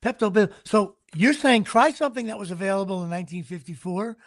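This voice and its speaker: A man hosting a talk show, telling a long, animated story in casual chat with lots of restarts and fillers. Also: sits high, fast talker. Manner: animated, rambling anecdote with frequent restarts. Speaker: podcast host.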